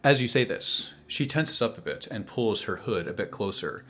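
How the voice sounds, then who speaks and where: A man narrating a tabletop game as game master in an unhurried, descriptive way. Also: on the low side, animated, a bit bright, breathy edge.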